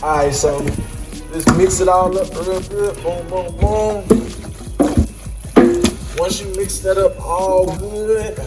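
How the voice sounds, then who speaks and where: In an echoey room with music behind, a home cook vlogger talks casually while cooking, joking and often apologizing to those he calls y'all. His high-pitched voice has fairly even intonation, and he speaks slowly with frequent pauses.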